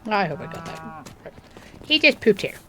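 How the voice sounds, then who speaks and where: A woman's voice: deep voice, big pitch swings. A woman giving casual gameplay commentary, chatting to the game's animals in a cooing voice and sometimes dropping to a near-whisper. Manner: slow, unhurried, drifts into soft near-whispers. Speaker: gaming video creator.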